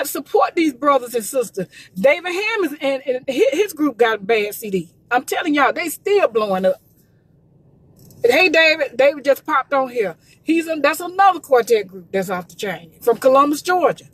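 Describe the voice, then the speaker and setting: A woman's voice: high voice, very animated, moderate pace, fairly bright tone, dry recording. A woman promoting gospel music in a casual livestream, urging listeners with emphatic, repetitive preachy calls.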